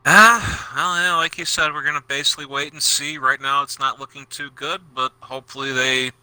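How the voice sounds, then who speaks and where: Sarcastic guy co-hosting, very bright tone, dead dry mic. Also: medium pitch, fairly even intonation, brisk, clean tone, no room sound. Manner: sardonic, crude, dry jokes. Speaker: podcast co-host. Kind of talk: casual gaming chat.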